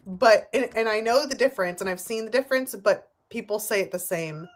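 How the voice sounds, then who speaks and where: A woman's voice: mid-range voice, brisk. A woman co-hosting over a video call, chatting casually, rambling and giggling as she talks. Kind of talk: casual chat.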